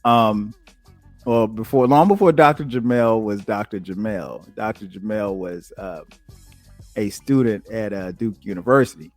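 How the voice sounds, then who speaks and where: Animated man telling stories on a podcast. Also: unhurried, soft background music. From South Carolina. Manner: animated, jumps to a high voice when quoting himself. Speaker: podcast host. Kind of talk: casual storytelling monologue.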